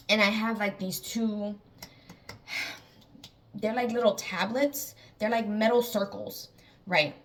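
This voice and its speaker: A woman's voice: mid-range voice, far from the mic. A woman casually retelling a frightening dream, with many fillers and repeated phrases, a little away from the mic. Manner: rambling, filler-heavy, lots of "like". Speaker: artist telling a dream story. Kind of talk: casual storytelling.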